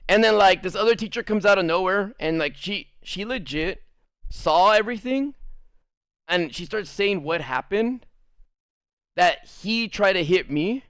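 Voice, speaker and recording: A man's voice: sits high, animated, a little slow, fairly bright tone, smooth, dry recording. A man streamer casually telling a rambling, profane story, laughing as he goes.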